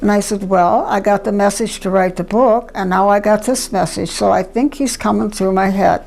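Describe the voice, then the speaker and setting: A woman hosting a channeling video, excitedly retelling a conversation and gushing about it. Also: mid-range voice, moderate pace, gravelly, rough recording.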